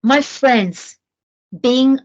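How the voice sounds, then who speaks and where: Middle-aged woman, parenting speaker from New Zealand: earnest, animated delivery, fairly high voice, slightly muffled recording. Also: extremely slow. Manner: earnest, animated, with frequent restarts. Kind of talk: motivational talk to camera. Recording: dull lo-fi sound.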